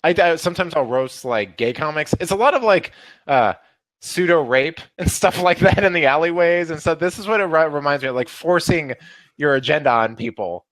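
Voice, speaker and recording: Lively, dry-sounding joking man. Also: on the high side, a little fast, no echo. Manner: animated and joking, laughs mid-sentence. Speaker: podcast co-host. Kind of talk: casual chat.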